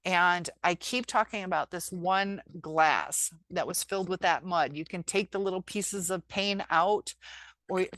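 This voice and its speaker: Encouraging woman vlogger, lowish voice, dry close sound, reflective and earnest. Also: unhurried, fairly bright tone, no room sound. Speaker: teacher and healing vlogger. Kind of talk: casual motivational vlog talk.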